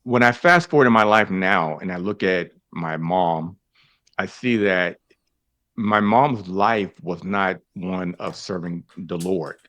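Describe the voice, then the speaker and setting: A man's voice: slow, fairly bright tone, no echo. A man telling his faith story as a guest, calling the listeners fellas and folks and acting out the conversations he tells. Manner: acts out dialogue with big jumps in pitch. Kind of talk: animated storytelling.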